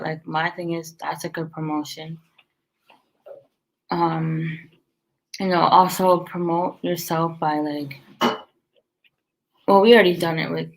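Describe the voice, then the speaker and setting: A woman's voice: deep voice, gravelly, rough recording. A tired woman chatting casually about running her restaurant, rambling with many fillers and restarts. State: tired, yawning. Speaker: restaurant owner giving business tips. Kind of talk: casual chat.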